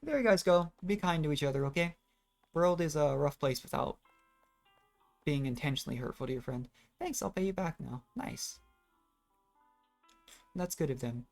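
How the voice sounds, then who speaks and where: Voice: medium pitch, vocal fry. A gamer giving casual, rambling commentary while playing, often trailing off and restarting thoughts. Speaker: let's play gamer.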